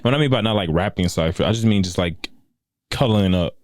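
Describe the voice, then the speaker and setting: A man's voice: low voice, a little fast, no echo, clean studio sound. A man hosting a podcast, talking in a loose, rambling way full of "you know" and "right?". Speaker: podcast host. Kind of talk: casual podcast interview.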